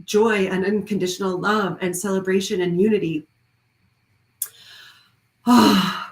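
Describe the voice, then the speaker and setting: A woman's voice: mid-range voice, fairly even intonation, fairly quick. Heartfelt woman talking in a roomy space. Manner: heartfelt, effusive, rambling with restarts. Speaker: wellness studio leader. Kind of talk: live-streamed casual talk. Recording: roomy echo.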